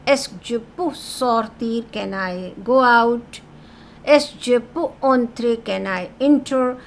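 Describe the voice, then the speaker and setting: A high-pitched woman, teaching French grammar in a patient classroom style. She reads each French question, gives its meaning, and keeps checking in with her students. Faint room noise sits behind her voice. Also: slow. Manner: explains patiently, asks "okay?" often; reads French phrases then translates them to English.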